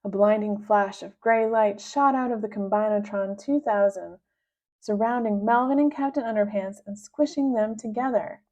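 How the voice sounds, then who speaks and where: A woman reading a children's book aloud with expressive, lively narration. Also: moderate pace. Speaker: reader. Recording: dull low-fidelity sound.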